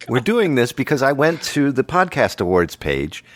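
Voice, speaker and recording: A man's voice: mid-range voice, wildly swooping pitch, slow pace, fairly bright tone, no echo, studio quality. A man hosting a comedy podcast, trading playful jokes and teasing in casual banter. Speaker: podcast host.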